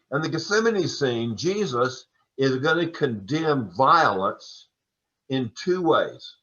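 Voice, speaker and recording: A man teaching an adult Sunday school class, lecturing on scripture in a relaxed, chatty way with folksy asides. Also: medium pitch. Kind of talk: conversational Bible lecture. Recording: dull lo-fi recording.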